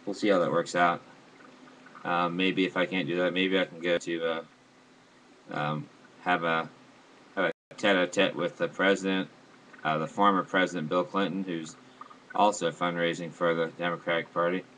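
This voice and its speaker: A man rambling to his viewers in a halting monologue, full of fillers and restarts, airing grand complaints earnestly. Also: deep voice, little pitch movement, a bit bright, a little hiss or hum, poor audio. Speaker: vlogger.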